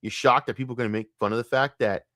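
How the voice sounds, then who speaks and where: A man's voice: medium pitch, fairly even intonation, rapid-fire, sharp tone, no room sound, clean studio sound. A male streamer delivering blunt, profane, repetitive ranting commentary while reacting to a video.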